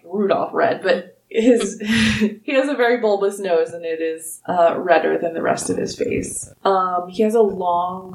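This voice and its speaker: A woman's voice: fairly low pitch, distant mic, slight background noise. Casual woman game master in a roomy space. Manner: casual, full of "like" and restarts. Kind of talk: narrating a tabletop game. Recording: roomy, a bit off-mic.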